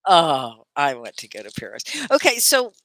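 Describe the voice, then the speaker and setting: A woman's voice: low voice, wildly swooping pitch, normal speed, fairly bright tone, dry recording. Upbeat chatty woman teaching English live. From Texas, United States. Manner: chatty, upbeat, laughs often, asks viewers questions. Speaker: ESL teacher hosting a live class. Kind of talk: live online English lesson, reading viewer comments.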